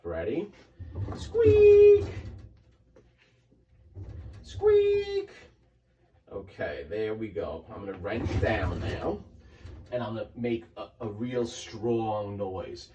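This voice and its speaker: A man walking viewers through a hands-on comic book restoration in a chatty way, repeating himself as he works. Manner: makes squeaky sound effects in a high voice. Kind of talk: casual hands-on tutorial.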